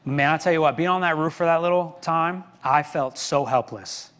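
A man's voice: a little high, moderate pace, fairly bright tone, big-room sound. A middle-aged man preaching a sermon as pastor, telling a story with self-deprecating humor. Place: church sanctuary.

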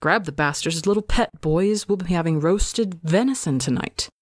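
Woman doing a soldier captain, gruff, arrogant, demanding, low-pitched, dry audiobook reading. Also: normal speed, no echo, lightly acted.

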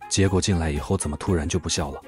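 A man with a deep, low voice narrates at a rapid clip, his tone wry and mocking. Faint music sits under his quick scripted commentary. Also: fairly even intonation. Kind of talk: fast scripted commentary voice-over.

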